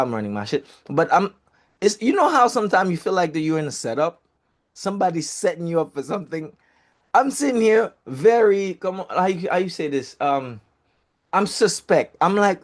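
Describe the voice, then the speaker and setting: A man's voice: on the high side, very animated, normal speed. A man telling a personal story in a casual, chatty way, with swearing and filler words. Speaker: real estate group speaker.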